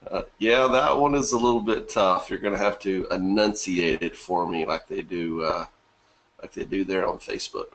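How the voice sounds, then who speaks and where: A man's voice: low-pitched, normal speed, a bit bright, highs cut off. A man with a bad cough hosting a live webinar in a casual way, greeting viewers by name from the chat and laughing often. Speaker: webinar host.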